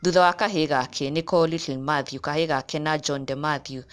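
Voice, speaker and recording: A woman's voice: deep voice, fairly even intonation, brisk, clean tone. A woman presenting entertainment news, reading steadily and mixing Kikuyu with English. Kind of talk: read news narration.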